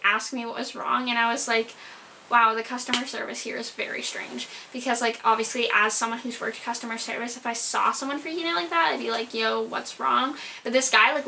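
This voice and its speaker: A young adult woman tells a storytime vlog tale. Her voice sits a little high and sounds bright and forward. Her delivery rambles and is packed with filler "likes". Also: a little hiss or hum. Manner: rambling, filler-heavy retelling, lots of "like". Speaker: vlogger.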